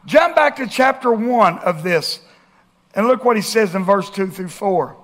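A male pastor preaching a sermon, asking rhetorical questions and swinging between loud and hushed. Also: high-pitched, animated, a little slow.

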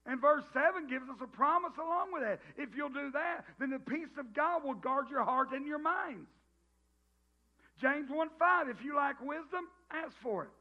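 A man's voice: very high voice, normal speed. A middle-aged man with a Southern US accent preaching a sermon in a folksy, joking way, often restarting his sentences. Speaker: pastor. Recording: dull lo-fi sound.

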